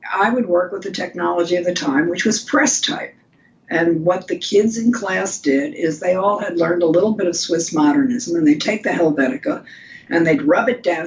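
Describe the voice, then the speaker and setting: A woman's voice: on the low side, highs cut off. Older woman telling design stories. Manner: chatty, anecdotal, frequent restarts. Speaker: guest designer. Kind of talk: casual interview storytelling.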